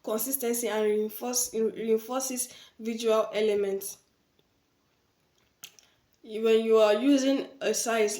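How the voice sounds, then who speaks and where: A woman's voice: mid-range voice, a little mellow. A woman teaching design basics in an informal spoken tutorial, often repeating her key points and affirming them with "yes". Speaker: design instructor. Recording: echoey room.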